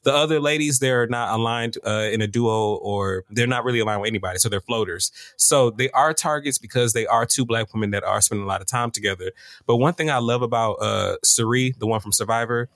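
A man co-hosting a casual podcast, telling stories with animated asides and high-pitched quoted reactions. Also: a little fast, no room sound, studio quality. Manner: animated storytelling, jumps high when quoting others. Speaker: podcast co-host. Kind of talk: casual chat.

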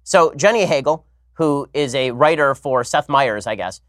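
A man's voice: medium pitch, expressive, normal speed, fairly bright tone, dry recording, clean studio sound. A man in his thirties hosting a podcast, telling a rambling story with wry, sarcastic asides. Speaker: podcast host. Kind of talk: casual monologue and commentary.

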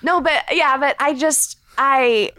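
A woman hosting a podcast interview, empathetic and quick to laugh. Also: sits high, dry recording, studio quality. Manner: warm, empathetic, laughs easily. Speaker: podcast host.

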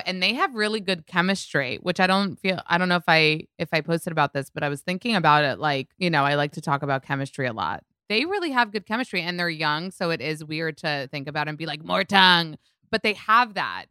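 A woman's voice: sits low, pushed and bright, smooth, no echo, studio quality. A woman hosting a podcast, asking questions with enthusiastic, gushing fan energy. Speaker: podcast host. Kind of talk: casual podcast interview.

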